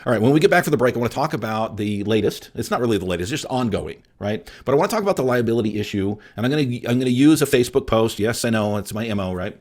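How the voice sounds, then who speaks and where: A man's voice: medium pitch, expressive, racing, few pauses. A middle-aged man hosting a solo podcast, emphatic and blunt, speaking straight to his listeners. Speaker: podcast host and appraisal coach.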